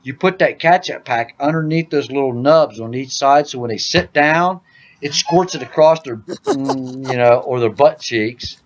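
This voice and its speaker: A man's voice: mid-range voice, moderate pace, highs cut off. A man hosting a casual podcast, telling joking stories and saying "dude" a lot. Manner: loud joking storyteller, says "dude" a lot. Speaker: podcast host. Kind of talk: casual gaming podcast chat.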